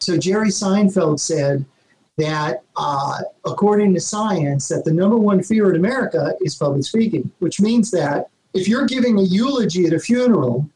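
A man's voice: sits high, darkish tone, low-quality recording. A man speaking as a guest public speaker in an emphatic, upbeat motivational manner, often tagging on rhetorical questions. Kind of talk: motivational talk.

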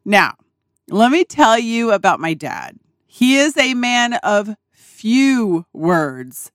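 Casual and animated, the podcast host shares a personal story at a medium pitch, laughing often and swearing freely. Recorded in a small RV dinette, the audio is studio quality with no room sound.

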